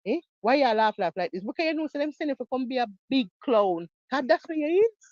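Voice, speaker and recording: A woman's voice: high-pitched, sing-song, fast, darkish tone, no room sound, lo-fi sound. A Jamaican woman giving heated reaction commentary on a video, mocking and repeating herself.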